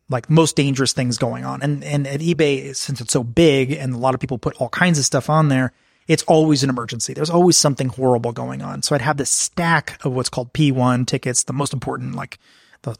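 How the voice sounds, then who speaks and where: A frank man telling stories as a podcast guest, slipping into the voices of the people he quotes. His pitch sits mid-range, and the sound is dry and close, with no room around it. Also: creaky, no room sound. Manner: frank, anecdotal, acts out quoted exchanges. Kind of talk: candid conversational storytelling.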